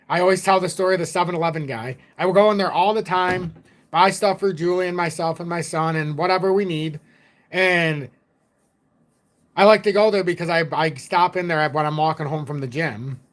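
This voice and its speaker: A man's voice: high voice, a bit bright. A middle-aged man hosting a casual crypto livestream, rambling and blunt, swearing now and then and reading out donations.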